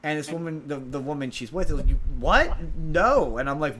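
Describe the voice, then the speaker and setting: A man's voice: fairly high pitch, animated, moderate pace, fairly bright tone, slight background noise, rough recording. Rambling man recapping a movie. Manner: rambling, many restarts and filler ums, acts out quotes. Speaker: podcast co-host. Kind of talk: casual podcast chat, recapping a movie.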